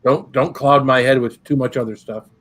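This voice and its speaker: A man's voice: medium pitch, steady tone, moderate pace, a bit bright, dry recording. Rambling laid-back livestream host man. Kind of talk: casual chat.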